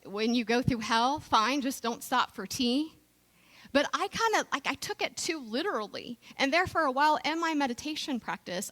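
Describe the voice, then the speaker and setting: A woman's voice: a little high, fairly bright tone, low-quality recording. A middle-aged woman minister giving a conversational sermon, telling a candid personal story with frequent restarts. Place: church sanctuary.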